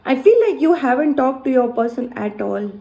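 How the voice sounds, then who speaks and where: A woman's voice: sits high, expressive, normal speed, creaky, dark tone. A woman giving a tarot card reading to viewers, emotive and exclaiming as she thinks aloud. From India. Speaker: tarot reader.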